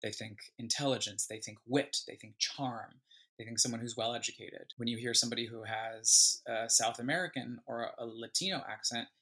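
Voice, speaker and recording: A man being interviewed as a guest musician, an animated and thoughtful talker who often restarts his sentences. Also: medium pitch, normal speed, breathy edge. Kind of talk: casual interview chat.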